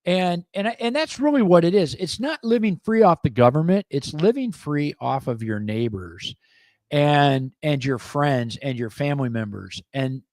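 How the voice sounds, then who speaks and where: A man's voice: a little high, moderate pace, dry recording. Blunt middle-aged man, dry studio mic. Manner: blunt, animated, acts out quoted people. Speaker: co-host and business owner. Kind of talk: casual opinionated talk show chat.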